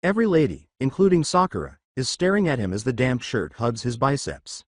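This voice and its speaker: A man reading scripted fan-fiction narration in an even way. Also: medium pitch, a little fast, dry recording, clean studio sound.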